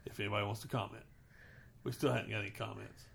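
A woman's voice: rumbling low, level tone, fast talker, gravelly. A woman co-hosting a casual podcast chat, explaining things step by step. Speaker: podcast co-host.

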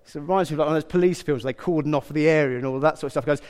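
A middle-aged man preaching a sermon in a lively, conversational way, acting out quotes with humour. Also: fairly high pitch, rapid-fire, few pauses. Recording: long hall reverb.

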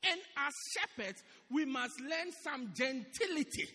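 A pastor preaching a sermon in a church, animated and repeating his phrases for emphasis. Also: very high-pitched, measured pace. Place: church hall. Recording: echoey church hall.

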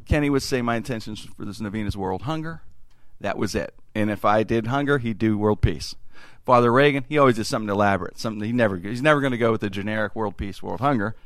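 A man's voice: lowish voice, quick pace, few pauses, no echo. A middle-aged man hosting a podcast, telling a story casually and acting out the quotes. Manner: animated, acts out quotes. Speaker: podcast host.

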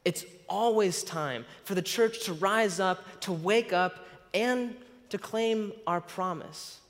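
Man, preacher, slightly high voice, sermon, stumbles over words, long echoing church hall. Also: takes it slowly, a bit bright. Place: church sanctuary.

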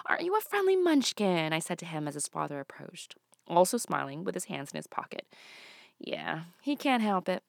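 A woman in her late thirties doing a stand-up comedy monologue, dropping to hushed asides and bursting into loud exclamations. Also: mid-range voice, vocal fry, dry recording, clean studio sound. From Canada. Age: 30s.

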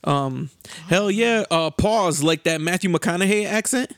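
A man hosting a casual group chat, animated, joking and swearing freely. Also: high voice, measured pace, smooth, dry recording, clean studio sound. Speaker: podcast host.

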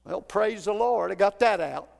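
A man preaching a fervent Pentecostal sermon in a church, building to shouts. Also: high-pitched, moderate pace, vocal fry, in a large hall. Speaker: pastor. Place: church sanctuary.

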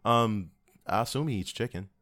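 A man's voice: medium pitch, normal speed, fairly bright tone, dry recording, clean studio sound. A man co-hosting a podcast in casual chat, laid-back, joking and profane. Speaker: podcast co-host.

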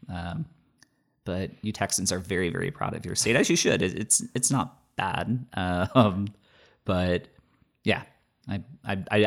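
A man's voice: deep voice, creaky. A man in his thirties chatting casually, rambling with many fillers and restarts. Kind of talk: casual chat.

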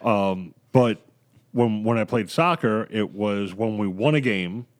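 A man from New York telling stories in a relaxed, casual group chat and laughing often. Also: lowish voice, a little slow.

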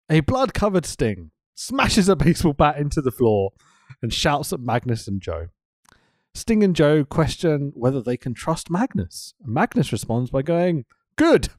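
Bloke recapping wrestling on a podcast, bit high voice, bouncy delivery, dry sound. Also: male voice, a little slow, no echo. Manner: laughs often, sweary, animated recapping. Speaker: podcast co-host. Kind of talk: casual wrestling recap chat.

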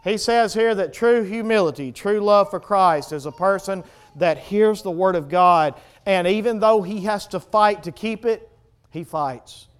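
A man preaching a sermon, swinging between loud emphatic peaks and hushed low passages. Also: a little slow, clear, resonant tone. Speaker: pastor.

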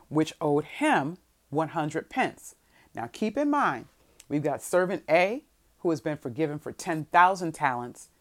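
A woman with a low voice delivers a sermon to her listeners. She reads scripture in a slow, measured way, then swings from quiet reflection into emphatic, rising bursts. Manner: expressive preaching, swings between soft and emphatic. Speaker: preacher.

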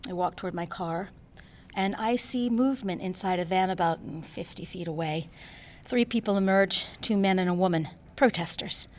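An actress performing a dramatic stage reading as a frightened, defiant woman doctor under attack, moving from hushed dread to bursts of screaming. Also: lowish voice, normal speed, close to an everyday voice. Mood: tense. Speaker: actor performing a diary monologue.

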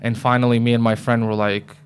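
A man's voice: mid-range voice, level tone, brisk, smooth. A man as a podcast guest, chatting casually and telling a rambling story full of fillers. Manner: loose storytelling with lots of fillers. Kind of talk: casual chat.

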